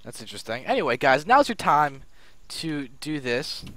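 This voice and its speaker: A young man casting a live strategy game match as stream host, excitable and prone to loud bursts at big plays. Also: a little high, moderate pace, no echo. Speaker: esports caster and stream host. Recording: faint background noise.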